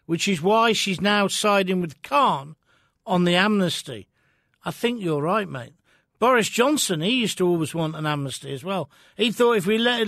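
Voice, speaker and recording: Guy hosting call-in radio, really high voice, blunt and chatty, dry studio sound. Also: a bit bright, no room sound. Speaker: radio talk show host. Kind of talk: phone-in radio talk.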